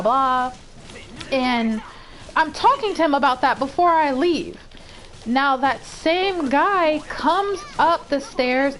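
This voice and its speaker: A woman streamer telling a story in a casual, profane, animated way, rising to heated outbursts. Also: sits high, a little hiss or hum. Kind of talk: casual storytime while gaming. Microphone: desk microphone.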